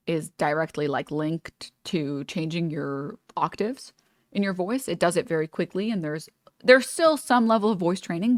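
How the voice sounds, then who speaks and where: A woman's voice: on the low side, dry recording, studio quality. A woman streamer chatting casually while reacting to a video, rambling with many fillers and restarts. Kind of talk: casual live-stream chat.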